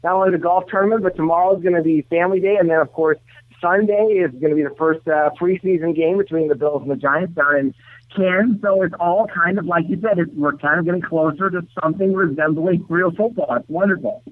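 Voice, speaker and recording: Enthusiastic male caller, high voice, tinny phone line. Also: brisk, no room sound. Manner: upbeat, enthusiastic. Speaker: football writer calling in. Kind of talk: casual radio phone interview.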